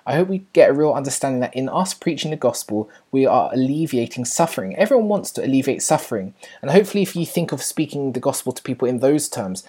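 Very low, dark-voiced woman teaching church. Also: husky. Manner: earnest, encouraging, with fillers and self-corrections.

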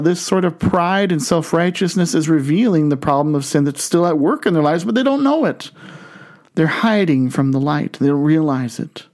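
A man preaching a sermon, reading scripture in a measured, deliberate way. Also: on the high side, a little mellow. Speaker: pastor.

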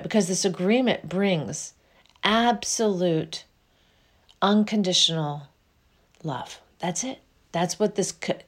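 A woman giving an effusive spiritual monologue, halting and restarting often as she talks. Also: medium pitch. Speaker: spiritual speaker.

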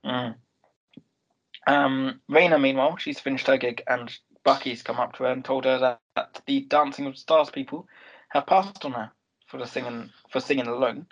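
A man with a gravelly, slightly husky voice walks his co-host through a TV episode. He speaks in a loose, chatty way, quoting the characters as he goes and filling the gaps with "um.". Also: mid-range voice, steady tone, moderate pace, dull audio. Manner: storytelling recap with many "um"s and quoted lines. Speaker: podcast co-host recapping a TV episode. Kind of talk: casual chat.

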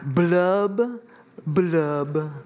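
A man's voice: a little high, extremely slow, a little mellow, a little hiss or hum. A man voicing a glum, gloomy male fish that drags out a mopey sing-song chant.

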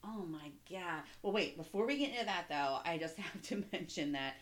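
A woman's voice: on the low side, lively intonation, normal speed. A young woman co-hosting a casual podcast, talking in a candid, rambling way. Her sentences are full of fillers and restarts. She swears freely as she goes. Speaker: podcast co-host. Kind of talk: casual chat.

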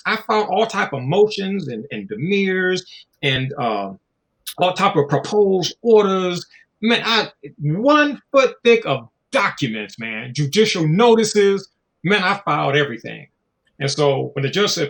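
Animated, slangy man telling stories. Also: high-pitched, unhurried. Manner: animated storytelling, slangy and profane, acts out voices. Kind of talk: casual podcast conversation.

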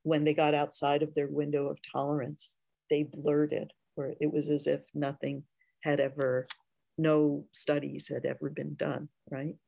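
A woman Zen teacher giving a dharma talk, speaking in a slow, reflective way with frequent pauses. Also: deep voice, completely flat delivery, gravelly, warm tone, dry recording.

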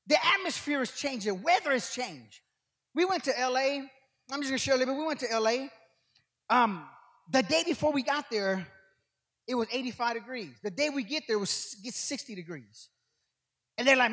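An older man preaching as a guest speaker, telling rambling stories that build to shouted preaching. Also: very high voice, animated, moderate pace, pauses often, breathy edge. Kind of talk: sermon. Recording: long hall reverb.

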